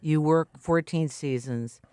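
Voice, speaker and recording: A man's voice: fairly high pitch, takes it slowly, darkish tone, clear, resonant tone, no room sound. A man hosting a studio talk show, asking short playful questions.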